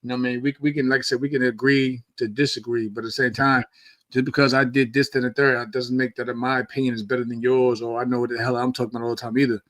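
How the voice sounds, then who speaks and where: A man co-hosting a podcast talks in loose, slangy bursts, often restarting his sentences. His voice is bright and forceful. The sound is dry and close to the mic. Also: medium pitch, little pitch movement, quick pace, no room sound. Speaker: podcast co-host, former boxer. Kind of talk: casual podcast chat.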